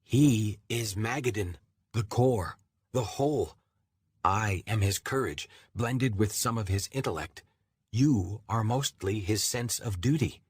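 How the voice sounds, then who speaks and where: Audiobook: a man doing an insistent disembodied male shard, voice pitched up and pushed louder, slightly husky. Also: takes it slowly, no echo, studio quality. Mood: commanding. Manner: insistent, urgent questioning. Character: disembodied male personality shard, urgent and commanding.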